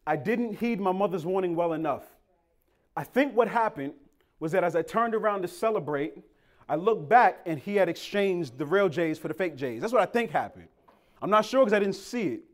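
Brief: young male preacher from Boston, lively storytelling sermon, slightly high voice. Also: a little fast. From Boston, Massachusetts. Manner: animated, playful, acts out quoted voices.

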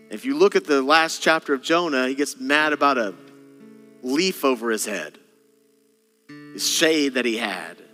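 A man's voice: mid-range voice, measured pace, pauses often. A male senior pastor preaching a sermon, dramatic, acting out voices in sudden bursts. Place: church auditorium. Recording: long hall reverb, faint guitar behind. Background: soft guitar.

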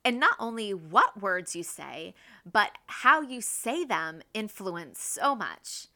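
A woman in her thirties hosting a casual, faith-based parenting talk, earnest and quick to act out her own everyday examples. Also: mid-range voice, very animated, bright, forceful tone. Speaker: podcast host and mother.

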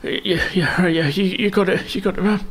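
A man voicing a terrified wounded bandit, high and stammering. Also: fairly even intonation, moderate pace. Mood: pleading. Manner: begging, stammering, breathless. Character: wounded young male bandit, pleading and terrified.

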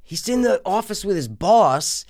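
A man co-hosting a casual movie podcast, venting with plenty of swearing. His voice sits a little high and swoops around with lively swings in pitch. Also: unhurried. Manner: animated, profane, ranting. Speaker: podcast co-host. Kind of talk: casual movie review chat.

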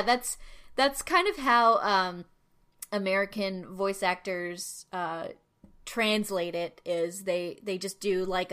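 Casting: bright, clear woman as a chatty host who rambles with lots of "um"s. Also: on the low side. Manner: chatty, explains at length with many fillers. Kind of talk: casual chat.

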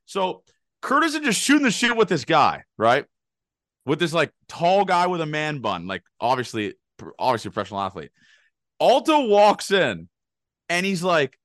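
A man's voice: fairly high pitch, wildly swooping pitch, a bit bright, no room sound, clean studio sound. A young man telling a rambling, laughing story on a casual podcast. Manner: rapid rambling anecdotes, laughing, swearing. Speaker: podcast co-host.

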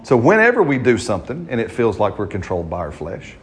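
A man's voice: fairly low pitch, huge pitch swings, husky. A man preaching a sermon in church, stretching out scripture lines and punctuating them with amens. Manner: fervent preaching, slow drawn-out stress on scripture, frequent amens. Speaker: pastor. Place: church service.

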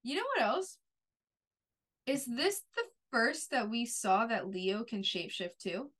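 A woman co-hosting a podcast, chatting casually about a TV episode in a relaxed, agreeable way with lots of fillers. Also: a little high, unhurried, breathy edge. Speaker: podcast co-host. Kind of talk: casual TV recap chat.

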